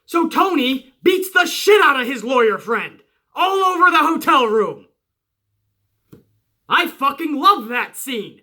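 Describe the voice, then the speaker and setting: Brash, bright-voiced man, swearing freely. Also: sing-song, slow pace. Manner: swears freely, emphatic, pitch jumps when worked up. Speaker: wrestling show reviewer, channel host. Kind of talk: casual profane review commentary.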